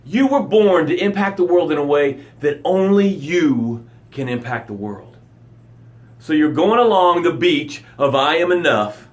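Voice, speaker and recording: A man hosting a motivational live broadcast, speaking directly to his listeners in short punchy phrases and swinging from loud emphasis to hushed low lines. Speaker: motivational coach and show host.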